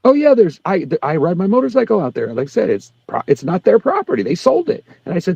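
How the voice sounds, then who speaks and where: Man, casual chat, quick rambling rant, profane, dry lo-fi audio. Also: wildly swooping pitch, gravelly, mellow, husky, dry recording. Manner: profane, ranting, quick, jumps up in pitch when worked up.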